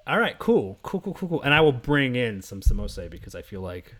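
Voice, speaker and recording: A man's voice: mid-range voice, very animated, brisk, fairly bright tone. Joking man hosting a podcast. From East Coast of the US. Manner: joking, teasing, laughs often. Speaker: podcast host. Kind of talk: casual chat.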